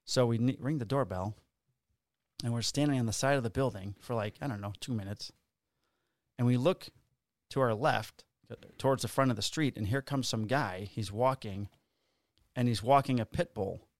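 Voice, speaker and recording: A man's voice: medium pitch, moderate pace, no room sound, clean studio sound. Profane man telling a cop story. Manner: profane, animated, acts out quotes. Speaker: police officer guest. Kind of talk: casual storytelling.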